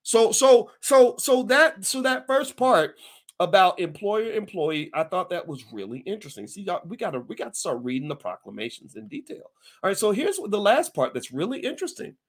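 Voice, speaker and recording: A man hosting his own podcast, talking to listeners in a folksy, emphatic, animated way and often restarting his sentences. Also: high-pitched, moderate pace. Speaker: podcast host. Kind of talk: casual commentary to listeners.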